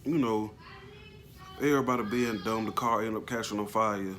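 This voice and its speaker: Man, low-pitched voice, casual storytelling, halting, slangy, emotional. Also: steady tone, a bit bright, soft background music. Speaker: vlogger telling a personal story.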